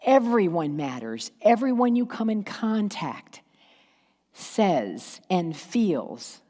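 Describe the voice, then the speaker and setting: A woman pastor preaches a sermon slowly and emphatically in a church sanctuary, using pauses and acted asides. Her medium-pitched voice has a dark tone and is very animated, and the hall gives a long reverb.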